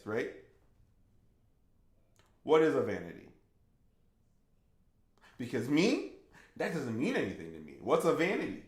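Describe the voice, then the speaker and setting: A man in his thirties, a gaming streamer chatting casually and rambling with lots of "like" and restarts. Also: mid-range voice. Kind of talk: casual livestream chat. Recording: echoey room.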